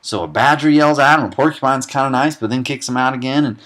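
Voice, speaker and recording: A young man giving a sarcastic, deadpan comedic recap of a film, dropping quick asides and snippets of characters' lines. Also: mid-range voice.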